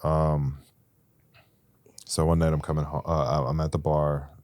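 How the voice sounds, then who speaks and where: A young man with an extremely deep voice tells a rambling, candid recovery story into a podcast mic. The sound is close and dry, with no room around it, and his voice climbs loud and intense at the peaks. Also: level tone, measured pace, no room sound. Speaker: podcast guest.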